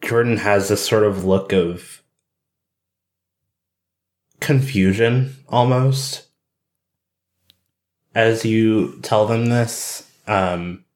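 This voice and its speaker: A man narrating his character's reaction in an improvised role-play, thoughtful and pausing. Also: fairly low pitch, darkish tone. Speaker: player narrating a scene.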